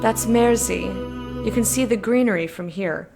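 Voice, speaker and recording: A woman's voice: a little high, normal speed, creaky, music in the background. An American woman giving casual let's-play commentary and reading game text aloud. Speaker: gamer.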